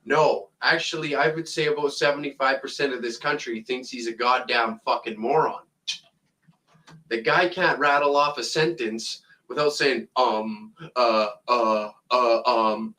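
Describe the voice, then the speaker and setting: A man's voice: medium pitch, normal speed, pushed and bright, poor audio. A Canadian man delivering a profane, mocking comedic rant to camera, angry and blunt, swearing constantly. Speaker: comedic ranter.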